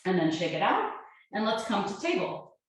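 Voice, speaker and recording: A woman yoga teacher calmly talking a class through breaths and poses, with gentle step-by-step cues. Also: mid-range voice, moderate pace. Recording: very echoey room.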